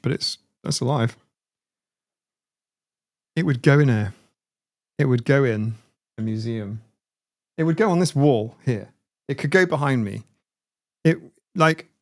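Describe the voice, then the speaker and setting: A man chatting casually on his livestream with a gravelly, rough edge to his voice. He rambles, restarts his words and laughs often. His pitch sits in an ordinary middle range. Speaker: livestream host.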